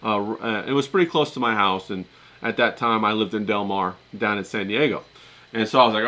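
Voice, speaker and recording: A man's voice: fairly low pitch, fairly quick, pushed and bright. A middle-aged man who talks in a chatty, rambling way, telling a story casually to his viewers with many fillers and restarts. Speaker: vlogger talking to his live chat.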